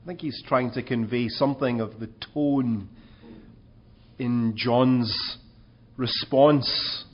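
Slow, husky-voiced male preacher. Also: mid-range voice, steady tone, highs cut off. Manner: earnest, rhetorical questions, emphatic rises. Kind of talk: sermon.

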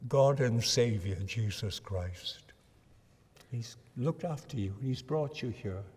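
A man preaching a sermon with earnest feeling, swelling to fervent emphasis and dropping soft. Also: mid-range voice, big-room sound.

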